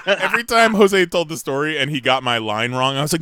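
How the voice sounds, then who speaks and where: A man's voice: a little high, sing-song, brisk, sharp tone, no room sound. A man co-hosting a podcast, adding short details to a story his friend is telling. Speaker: podcast co-host. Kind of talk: casual chat.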